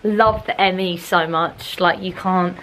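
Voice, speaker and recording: A woman in her 20s, a vlogger and brand owner, chats casually to her phone camera from a hotel room, rambling and filling gaps with "like." Her lowish, a bit bright voice has fairly even intonation and a measured pace. She's far from the mic, the sound is roomy, and there's slight background noise.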